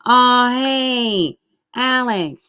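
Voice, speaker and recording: A woman's voice: a little high, very slow, pushed and bright, highs cut off, a little hiss or hum. A woman chatting casually on a live stream, rambling and greeting viewers in the chat. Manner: occasional mic dropouts. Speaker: true-crime live streamer.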